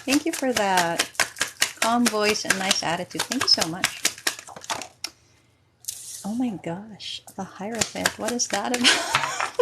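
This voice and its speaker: A woman's voice: mid-range voice, measured pace, pauses often, heavy background noise. A woman chatting casually on a livestream as a tarot reader, giggly and self-deprecating.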